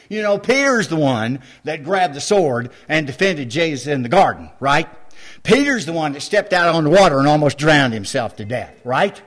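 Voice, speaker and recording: A man preaching a sermon, retelling scripture in a folksy, emphatic way and asking the congregation rhetorical questions. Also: fairly high pitch.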